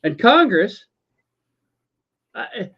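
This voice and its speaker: A man's voice: high voice, very animated, drawn-out words, slightly rough. A man co-hosting a casual talk show, ranting with lots of stammering restarts, swearing and sarcasm. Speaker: podcast co-host. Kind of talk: casual political rant. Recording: dull lo-fi audio.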